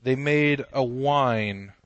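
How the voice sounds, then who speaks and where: A man's voice: medium pitch, very slow, no echo, dull audio. A man co-hosting a comedy podcast, rambling and joking with frequent restarts. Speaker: podcast co-host. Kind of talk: casual comedy chat.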